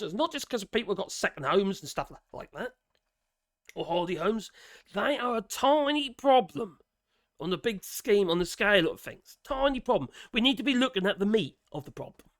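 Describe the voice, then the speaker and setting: A man's voice: high-pitched, a bit bright, no room sound, clean studio sound. A man with a Norfolk accent and strained, worn vocal cords, ranting to camera in a casual vlog, swearing and giggling as he goes. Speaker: vlogger. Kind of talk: casual opinion rant to camera.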